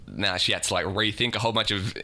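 A man's voice: lowish voice, fast talker, very noisy. A man co-hosting a podcast in casual chat, asking dry, teasing questions. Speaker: podcast co-host.

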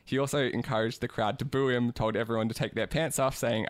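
A man's voice: mid-range voice, steady tone, quick pace, slight background noise. A man co-hosting a podcast in casual chat, joking and poking fun at himself. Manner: joking, self-deprecating storyteller. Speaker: podcast co-host.

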